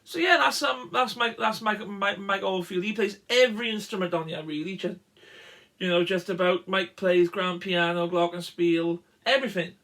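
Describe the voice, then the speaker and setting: High-voiced man chatting about records. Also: moderate pace, sharp tone. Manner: rambling, lists track names, frequent ums and uhs. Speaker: vlogger showing his vinyl records; musician, guitarist. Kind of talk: casual show-and-tell.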